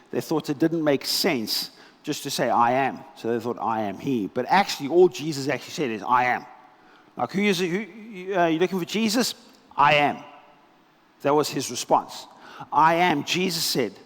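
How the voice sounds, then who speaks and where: A man preaching a sermon as pastor, telling scripture stories with animated, dramatic delivery and pauses. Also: mid-range voice, in a large hall. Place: church hall.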